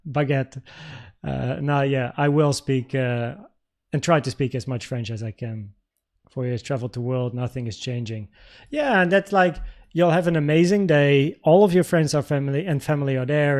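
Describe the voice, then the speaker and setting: A man's voice: fairly high pitch, a little mellow. A young man from the Netherlands hosting a casual livestream, rambling and restarting as he reads out viewer comments. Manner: rambling, with frequent restarts and filler words. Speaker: livestream trading host.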